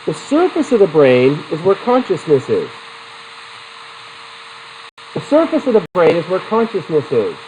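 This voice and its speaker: This middle-aged psychology lecturer speaks unhurriedly in a slightly high voice, pausing often as he poses questions to students and shares personal anecdotes with animation. Slight background noise accompanies the rough recording.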